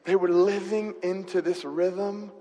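Guy preaching, pretty high voice, chatty storyteller, lots of "right?", long hall echo. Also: level tone, unhurried, dark tone. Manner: conversational, asks the audience questions. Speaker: pastor. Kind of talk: sermon with personal storytelling.

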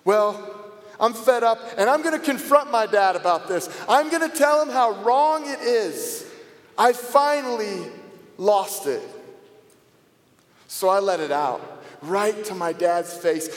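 A man's high-pitched voice carries a theatrical first-person biblical monologue, taken slowly and dramatically. He moves between sarcastic moments and quiet reflection, all in a roomy space with long large-hall reverb.

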